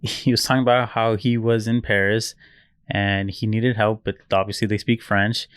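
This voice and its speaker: A young man co-hosting a podcast, telling stories in a relaxed, loose, casually profane way. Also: lowish voice, moderate pace, smooth, no echo, studio quality. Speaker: podcast co-host. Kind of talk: casual chat.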